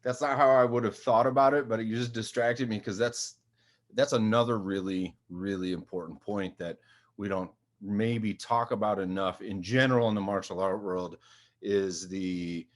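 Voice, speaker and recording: A man hosting a casual chat, thoughtful and pausing to find his words. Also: on the low side, fairly even intonation.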